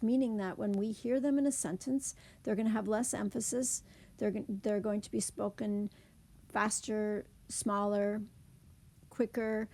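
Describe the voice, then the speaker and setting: A woman teaching a slide presentation lesson, explaining slowly and carefully. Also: mid-range voice, creaky, warm tone. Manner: slow, careful, deliberate explanation.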